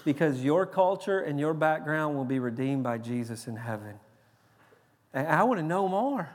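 A male pastor with a Tennessee Southern accent, preaching a sermon in a lively, joking, emphatic way with quick restarts. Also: fairly high pitch. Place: large church sanctuary. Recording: long reverb of a large church hall.

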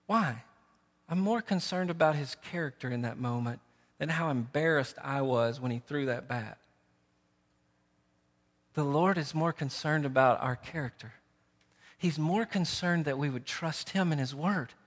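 A man preaching a sermon, impassioned and rising loud on key phrases. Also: fairly high pitch, measured pace, long pauses, in a large hall. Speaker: pastor.

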